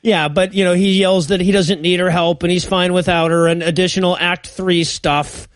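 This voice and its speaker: A man's voice: sits high, steady tone, moderate pace, no room sound, clean studio sound. A man co-hosting a podcast, riffing sarcastically on a bad movie with lots of swearing and laughter. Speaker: podcast co-host. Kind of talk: casual comedic movie riffing.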